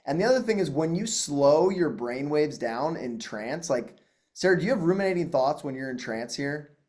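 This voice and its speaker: A man with a somewhat high voice coaches on a group call. He calmly explains trance and meditation in an explanatory tone. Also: moderate pace. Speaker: hypnosis coach.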